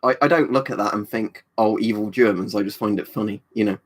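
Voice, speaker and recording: A man's voice: fairly low pitch, quick pace, husky. Casual rambling man. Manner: rambling, swears casually, many fillers. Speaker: streamer reading chat. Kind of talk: casual live-stream chat.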